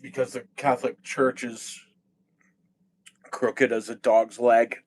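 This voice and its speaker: A man talking in a rambling monologue, agitated and profane, halting and restarting his sentences. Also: mid-range voice, little pitch movement. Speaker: vlogger.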